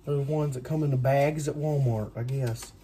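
A man's voice: medium pitch, steady tone, moderate pace, warm tone. Guy rambling thru a home cooking vid, jokes about himself, kitchen noise behind him. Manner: rambling, chatty, self-deprecating asides. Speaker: home cook. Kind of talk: casual cooking vlog chat.

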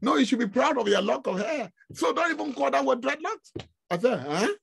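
A man from Africa giving an informal online lecture, animated and exclamatory, often breaking into laughter. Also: very high-pitched, brisk, gravelly, husky. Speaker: guest lecturer.

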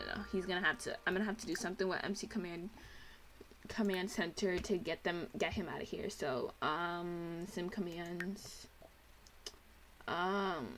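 A young woman hosting a casual let's play, gushing and chatty as she comments on her game. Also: medium pitch.

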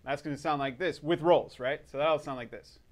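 A man teaching drums in a casual video lesson, relaxed and upbeat, counting in before he plays. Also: fairly high pitch, fairly quick. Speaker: drum teacher.

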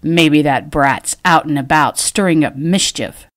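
A woman voicing a short, spiteful uncle who growls in a raspy voice in an audiobook. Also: sits low, unhurried. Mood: growling.

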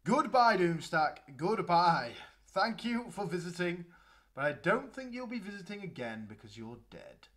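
A young man giving excitable, chatty commentary while playing a strategy game. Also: high voice, normal speed. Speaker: let's play gamer. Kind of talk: gameplay commentary.

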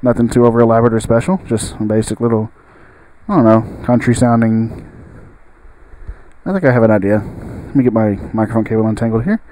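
A man's voice: lowish voice, brisk, mellow, low-quality recording. A man in a home studio giving a casual spoken tutorial, thinking aloud and often trailing off and restarting his sentences. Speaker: music tutorial host.

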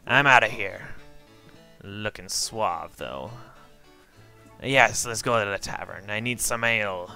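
A man's voice: fairly low pitch, lively intonation, takes it slowly, gravelly, long pauses, sharp tone, faint music behind, full character voice. A man putting on a swaggering pirate captain. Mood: brash. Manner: swaggering pirate talk, bawdy and brash. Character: boastful crude male pirate captain.

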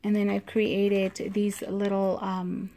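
A woman vlogger casually showing her handmade craft pieces, talking unhurriedly with frequent ums and pauses and gushing over the small details. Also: medium pitch, monotone, mellow, a little hiss or hum. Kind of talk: casual show-and-tell.

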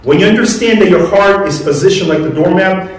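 Speaking briskly in a high-pitched voice, a pastor gives a conversational sermon in an echoey church hall, asking the congregation questions throughout. The recording comes from a mic placed at a distance.

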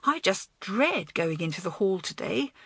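A woman voicing a caring, spirited young schoolgirl who talks in an earnest, brisk, coaxing way in an audiobook. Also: medium pitch, big pitch swings, a bit bright, slightly rough, no room sound, exaggerated voice. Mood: anxious. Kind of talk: audiobook character voice.

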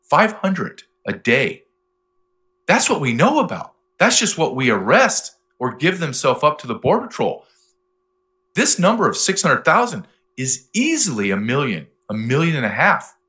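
A man guest in an interview speaks in a bright, forceful voice that swings widely in pitch. He tells his stories with animated emphasis, repeating his key points. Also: normal speed. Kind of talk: interview talk.

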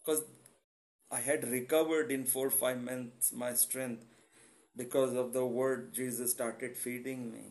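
A middle-aged man with an Indian accent preaches to an online congregation in an earnest, confessional tone. His voice sits at an ordinary middle pitch for a man. He speaks straight to his listeners as "guys" while giving a personal testimony. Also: little pitch movement, slow pace, darkish tone. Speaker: online church founder and preacher.

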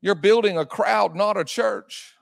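A male pastor delivers a fiery sermon in a high-pitched, gravelly voice. He hammers phrases again and again and swings between shouting and quieter asides. The sound is close and dry. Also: measured pace, no room sound. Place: church sanctuary.

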